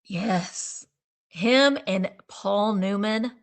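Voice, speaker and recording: Speaking very slowly in a mid-range voice, a woman hosts a casual live-sale stream on a streaming setup. She rambles as she chats and trails off while hunting for names.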